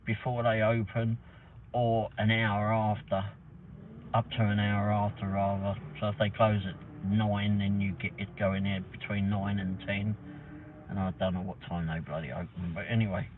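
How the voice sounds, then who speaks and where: A man hosting a livestream, chatting in a rambling, casual way with some mild swearing. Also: on the low side. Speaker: livestream host. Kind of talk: casual chat. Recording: tinny phone-like sound from a distance, faint noise.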